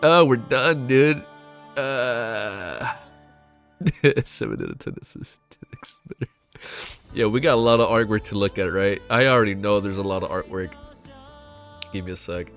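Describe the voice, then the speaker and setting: A young man with a stuffy nose reads a story aloud on a live stream and reacts to it between passages. His voice is bright and forward, he swears freely and gets excitable, and he sounds on the edge of tears. Faint music plays underneath. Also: lowish voice, normal speed, long pauses. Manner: excitable, swears a lot, laughs often. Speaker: streamer reacting to a web novel.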